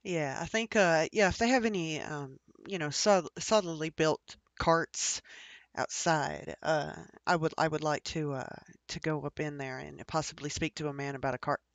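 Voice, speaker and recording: A woman's voice: low-pitched, moderate pace. A woman chatting casually as a player at a tabletop game, hesitant with many fillers.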